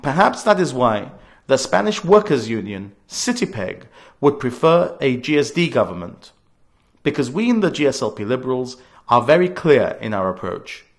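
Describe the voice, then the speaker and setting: Man, around forty, scripted political address, earnest, emphatic, pitch rising and falling a lot. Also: sing-song, moderate pace. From Gibraltar. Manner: earnest, emphatic, stresses key words.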